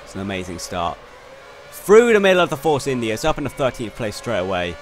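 Excitable swearing gamer. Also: male voice, mid-range voice, brisk, music in the background. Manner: excitable, swears and yells in frustration. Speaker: gaming YouTuber. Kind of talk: gameplay commentary. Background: faint game car engine noise.

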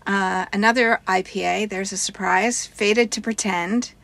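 A woman's voice: medium pitch, fairly even intonation, a little slow, gravelly, fairly bright tone. Chatty woman listing details casually. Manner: chatty, lists details in a matter-of-fact way. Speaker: co-host reviewing breweries. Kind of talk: casual chat.

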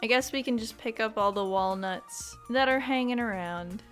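A young woman hosting a let's play, chatting bubbly and excitable, bursting into squeals. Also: on the high side, moderate pace, soft background music. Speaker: gaming channel host.

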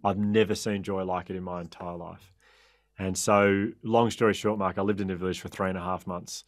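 A man with an Australian accent, a podcast guest telling anecdotes in a lively, laughing way and often correcting himself mid-sentence. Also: low-pitched, brisk, dry recording, clean studio sound. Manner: lively, laughing storyteller with frequent self-corrections. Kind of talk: anecdotal interview storytelling.

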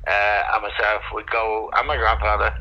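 An older man with a Dublin accent talks as a guest on a call, and his voice comes through very bright and edgy. He speaks in a measured way, stopping often on ums and uhs. The line sounds dull and lo-fi. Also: lowish voice, level tone. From Ireland. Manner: measured, hesitant with many fillers. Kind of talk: casual interview over a call.

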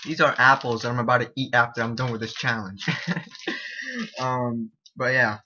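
A young man chatting excitably and repeating himself as he gives casual commentary on a game he is playing. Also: mid-range voice, moderate pace, a little hiss or hum. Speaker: gaming YouTuber. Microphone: desk mic, no headset. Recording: dull lo-fi home recording.

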